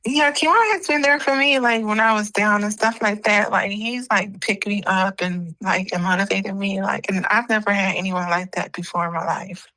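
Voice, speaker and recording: A woman's voice: mid-range voice, normal speed, few pauses, bright, forceful tone, low-quality recording. A woman answering interview questions in a hesitant, casual way, full of fillers. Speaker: interview guest. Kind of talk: casual chat.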